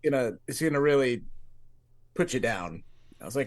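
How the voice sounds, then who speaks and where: A man's voice: medium pitch, lively intonation, normal speed, pauses often. A man on a podcast casually telling a rambling personal story, acting out his own past thoughts with lots of fillers. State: grieving. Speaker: podcast co-host.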